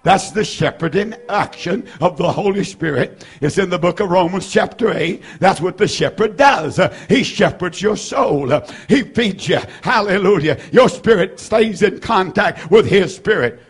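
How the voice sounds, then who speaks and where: A man in his seventies preaching a fervent sermon, repeating phrases, rising to shouts and filling gaps with "uh". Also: sits high, animated, moderate pace, few pauses, husky. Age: 70s. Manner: fervent, repetitive preaching with frequent "uh" fillers and shouted peaks. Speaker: pastor.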